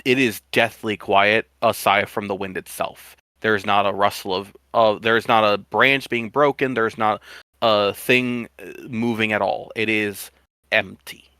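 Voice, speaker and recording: A man narrating a fantasy adventure as game master, pausing and restarting as he paints the scene. His voice is bright and mid-pitched. The sound is close and dry. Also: steady tone, clean tone, no echo. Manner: halting, descriptive, with restarts.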